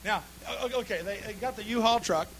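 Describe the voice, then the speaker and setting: A man preaching a humorous sermon, telling folksy stories with sudden bursts of shouting and laughter. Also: sits high, quick pace, slight background noise.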